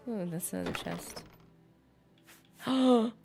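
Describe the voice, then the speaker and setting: A woman's voice: lowish voice, animated, moderate pace, a little hiss or hum. A woman streaming a game, chatting casually and rambling to her viewers as she plays. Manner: chatty, rambling, talks to chat. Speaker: gaming streamer. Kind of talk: casual live-stream commentary.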